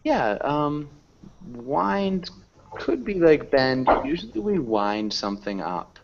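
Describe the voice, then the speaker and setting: A man's voice: a little high, very animated, lo-fi sound, a little hiss or hum. A man teaching an English class online, patiently asking students questions and explaining words. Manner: patient, slow, asks questions.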